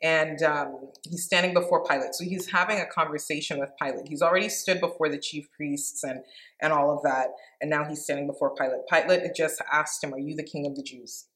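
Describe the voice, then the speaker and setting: An earnest woman with a slightly low voice, talking through a Bible passage in a relaxed, conversational way. She reads the verses aloud plainly, then reflects on them as if speaking to a small group. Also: brisk. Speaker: Bible teacher. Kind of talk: informal devotional Bible teaching with scripture reading.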